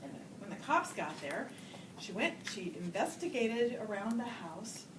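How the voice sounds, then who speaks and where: A woman's voice: medium pitch, big pitch swings, a little slow, distant mic. A woman giving a storytelling speech at a Toastmasters meeting, acting out voices and laughing often. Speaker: Toastmasters speaker. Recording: roomy hall recorded from afar with noise.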